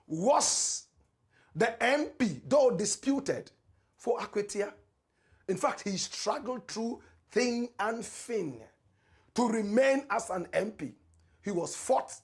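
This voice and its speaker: A Ghanaian man with a high, husky voice hosts a political talk show. He delivers it like a preacher, with big swings from loud, raised lines to low, quiet asides. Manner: preacherly, dramatic swings in pitch and loudness, repeated catchphrases. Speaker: show host.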